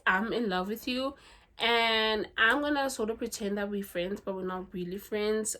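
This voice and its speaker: An earnest, smitten young man, as a woman reading aloud voices him confesses that he loves a woman. He speaks slowly and simply, with no put-on growl, close to an everyday voice. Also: medium pitch, bright, forceful tone, natural voice. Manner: earnest, declaring love. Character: adult man in love, earnest basketball player.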